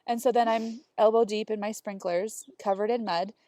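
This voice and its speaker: A podcast co-host with a warm, mid-range voice speaks at a moderate pace with fairly even intonation, recorded in studio quality with no room sound. She tells stories in casual chat, acting out quotes and laughing as she goes.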